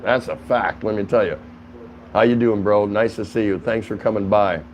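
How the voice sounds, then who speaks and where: Chatty man with a lowish voice. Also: steady tone, normal speed, a little mellow, faint music behind, poor audio. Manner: chatty, greets viewers by name, laughs often. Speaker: livestream host. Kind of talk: casual livestream chat with viewers. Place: his home in the Philippines.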